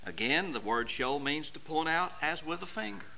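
A man preaching a sermon, moving between quiet verse explanation and loud, emphatic repetition. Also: on the high side, lively intonation, moderate pace, vocal fry, slight background noise.

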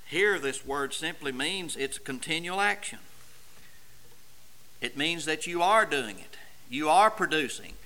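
Male preacher, high bright voice, slow deliberate delivery, builds to loud emphatic passages. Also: lively intonation. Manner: swings between quiet explaining and loud emphatic preaching. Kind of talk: sermon.

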